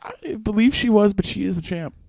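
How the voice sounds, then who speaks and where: A man in a casual podcast chat, easygoing and quick to laugh, recapping a story in a soft, low-key way. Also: creaky, no echo, clean studio sound.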